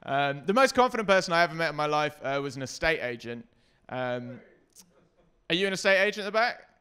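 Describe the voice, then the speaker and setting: A man doing a stand-up comedy set, self-deprecating and hesitant with many ums, sometimes breaking into loud shouted bits. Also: a little high, animated, a little fast, clear, resonant tone.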